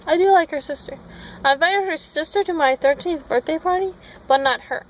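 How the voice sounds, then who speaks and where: Talking fairly quickly in a high voice, a Minnesota woman rambles through a long vlog story, chasing tangents and catching her own mistakes. The poor audio comes from a phone, with a soft hum of noise running underneath.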